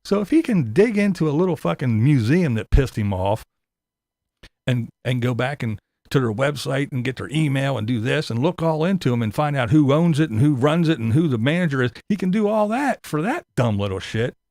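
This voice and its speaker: A man's voice: mid-range voice, animated, brisk, a little mellow, no room sound, clean studio sound. A man giving a sarcastic, profane ranting commentary as a YouTube commentator.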